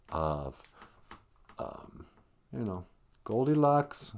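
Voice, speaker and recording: A man hosting a podcast who retells a story in a jokey, rambling way, drifting into humming and side comments. His voice is lively, swinging freely up and down in pitch. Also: slow pace, creaky, long pauses. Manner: rambling, jokey, sing-song asides. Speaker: podcast host. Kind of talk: comedic storytelling.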